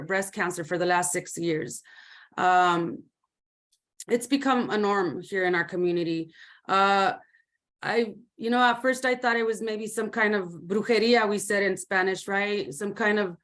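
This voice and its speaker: A woman advocate from Colorado giving an earnest personal testimony on a video call, halting with many fillers and mixing in Spanish words. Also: medium pitch, a bit bright. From Commerce City, Colorado. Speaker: community advocate.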